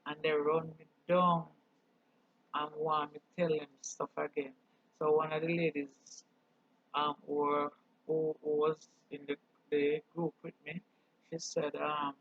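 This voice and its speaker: Gravelly Jamaican man, husky and earnest. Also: fairly high pitch, level tone, a little slow, fairly bright tone. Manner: earnest, preachy, mixes patois with English. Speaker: channel host. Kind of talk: casual monologue. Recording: dull dry recording.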